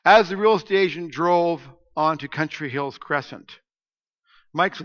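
A man preaching a sermon as pastor, telling stories and swinging between hushed asides and loud emphasis. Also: a little high, measured pace. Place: church sanctuary. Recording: echoey church hall, dull lo-fi sound.

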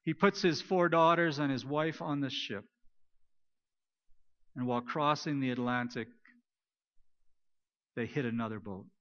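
A pastor preaching a sermon, retelling stories and moving between loud emphasis and soft, hushed lines. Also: male voice, mid-range voice, measured pace, pauses often. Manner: storytelling, swings between loud emphasis and near-whispered quiet. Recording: dull lo-fi recording.

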